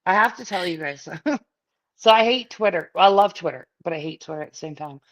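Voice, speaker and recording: A woman's voice: on the low side, expressive, a little fast. A middle-aged woman hosting a podcast, chatting casually, blunt and swearing with frequent laughs. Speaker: podcast host. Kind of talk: casual chat.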